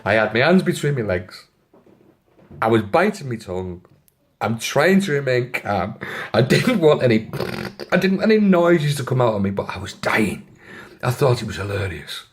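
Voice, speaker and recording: A man casually telling a funny anecdote, often chuckling and adding apologetic asides. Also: fairly high pitch. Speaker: storyteller.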